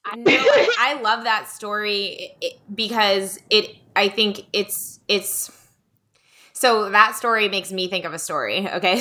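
A woman in her thirties tells a story on her podcast with a bright, forceful voice. She chats casually and slips into the voices of the people she quotes. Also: medium pitch. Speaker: podcast host. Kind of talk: casual chat.

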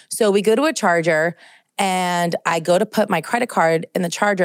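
A woman's voice: fairly low pitch, fast talker, no echo, studio quality. A young woman co-hosting a podcast, telling a long story in casual chat and filling it with "like". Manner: animated storyteller, heavy use of "like". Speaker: podcast co-host.

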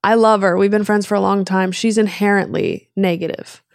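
A woman's voice: mid-range voice, normal speed, gravelly, no room sound, clean studio sound. A pregnant woman in casual chat as a podcast guest, telling stories animatedly and acting out what others said. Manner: animated storytelling with quoted voices and laughs.

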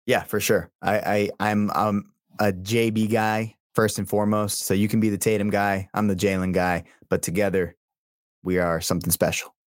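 Deep-voiced, easygoing male podcast co-host. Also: flat delivery, normal speed, no room sound, clean studio sound. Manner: easygoing, storytelling, stumbles over words. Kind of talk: casual sports podcast chat.

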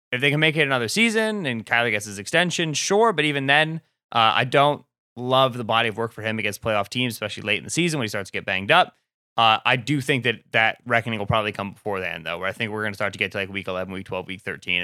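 A man podcast host giving quick, sarcastic, opinionated sports takes in casual chat. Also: fairly low pitch, bright, forceful tone, clean tone, no room sound, clean studio sound.

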